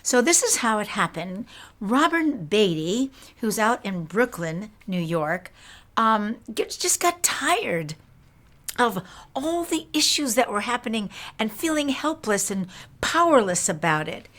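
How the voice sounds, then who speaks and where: A woman's voice: mid-range voice, very animated, unhurried, fairly bright tone. A woman hosting a storytelling program, introducing a concert in an easy, conversational way. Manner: conversational, with fillers and restarts. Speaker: radio show host. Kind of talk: casual spoken introduction.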